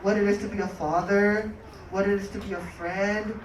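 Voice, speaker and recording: A speaker giving a halting, heartfelt tribute at a memorial, repeating words often. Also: medium pitch, fairly even intonation. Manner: hesitant, many repeated words. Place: outdoor skatepark crowd gathering. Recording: distant echoey mic with crowd noise.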